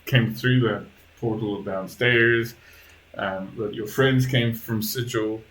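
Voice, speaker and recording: A man runs a tabletop role-playing session as dungeon master, laying out what the players know at an unhurried pace. His pitch sits in the middle, with a faint hum of room ambience behind him. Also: steady tone, a bit bright, rough recording. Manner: measured, explaining rules and lore. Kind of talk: running a tabletop game.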